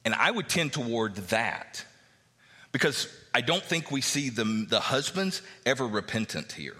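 A man's voice: medium pitch, very animated, a little slow, bright, forceful tone, long reverb tail. A male pastor preaching a sermon, reading verses aloud and explaining them in a conversational way.

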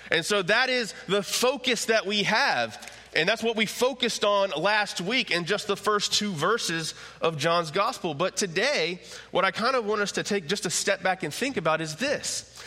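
High-voiced man preaching in a church. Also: sharp tone, in a large hall. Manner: emphatic, repetitive preaching cadence. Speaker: pastor. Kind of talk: sermon. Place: church sanctuary.

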